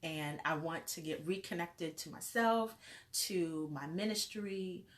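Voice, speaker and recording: Woman, life coach, motivational vlog, earnest, faith-filled, repetitive lists, slightly low pitch. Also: measured pace.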